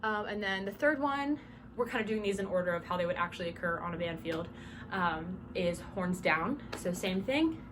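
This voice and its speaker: A woman's voice: on the low side, normal speed. A young woman from South Georgia with a Southern accent, casually teaching drum major commands with plenty of "um" fillers. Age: young adult. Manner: chatty, with frequent "um" fillers and spoken demonstrations of commands. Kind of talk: casual instructional talk. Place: small dorm room. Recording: small room with clear background noise.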